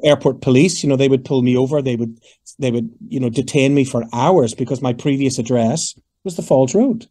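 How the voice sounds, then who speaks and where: A Northern Irish man in his fifties, a singer answering interview questions in a lively, storytelling way and acting out the voices of people he quotes. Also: medium pitch, a little fast. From Northern Ireland. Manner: animated, digressive, acts out quoted voices. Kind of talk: conversational storytelling.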